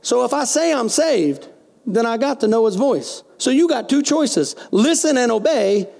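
Gravelly high-voiced pastor. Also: male voice, expressive, normal speed, darkish tone. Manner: folksy preaching with call-and-response. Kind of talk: sermon.

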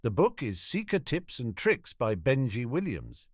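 A man's voice: medium pitch, wildly swooping pitch, measured pace, no room sound. A man reading out a dry, teasing young man's birthday note to his brother.

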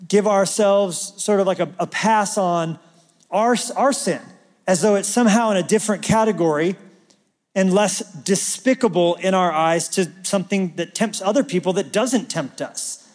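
A man preaching a sermon as pastor, talking like a conversation and swinging from loud emphasis to near-whispers. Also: high-pitched, normal speed, long reverb tail.

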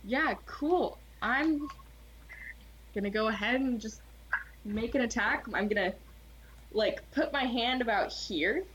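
Slow-talking woman playing a tabletop game. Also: on the high side, fairly bright tone, slightly rough, muffled recording. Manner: unhurried, laughing often. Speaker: player. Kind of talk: casual tabletop game play.

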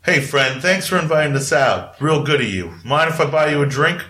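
A brash, hard-drinking lady orc, played by a man, chummy and crude in a raised, rough-edged voice. She sounds friendly and rowdy, like a regular at a tabletop game's tavern. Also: fairly high pitch, brisk, pushed and bright, pitched above the performer's own voice.

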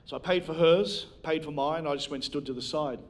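A pastor with a voice on the high side speaks a little fast as he preaches to a live congregation in church. Using a handheld microphone, he shares a personal story and pokes fun at himself.

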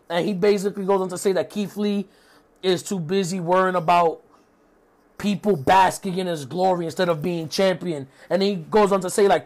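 A young man with a fairly high voice talks through a wrestling episode in a casual recap. He keeps it loose and full of swearing, with many fillers along the way. His tone is offhand, as if chatting to a friend. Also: fairly even intonation, moderate pace, creaky. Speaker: wrestling show reviewer.

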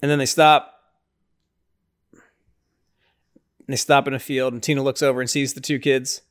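A young man hosting a podcast, casually recapping a horror film with lots of fillers and briefly acting out the characters' lines. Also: a little slow. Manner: excitable, lots of fillers, acts out lines in high voices. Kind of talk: casual movie recap chat.

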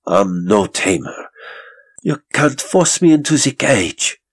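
A man's voice: medium pitch, sing-song, slow pace, slightly rough, no room sound, voice pushed up, heavily acted. A man doing a cornered, frightened juggler. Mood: shaken. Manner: blurting, raised and strained.

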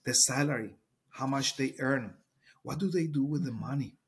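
A middle-aged man with a Colombian Spanish accent speaks in a husky, slightly breathy voice at an ordinary pitch. He explains his points earnestly, restarting and repeating words as he looks for the right phrasing. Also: normal speed. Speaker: teacher. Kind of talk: interview conversation.

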